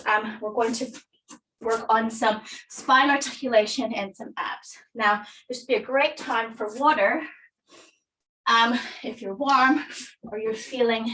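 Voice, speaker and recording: A woman's voice: on the high side, steady tone, a little slow, a bit bright, far from the mic, rough recording. A woman fitness instructor, a little out of breath, guiding a workout and counting reps with encouragement.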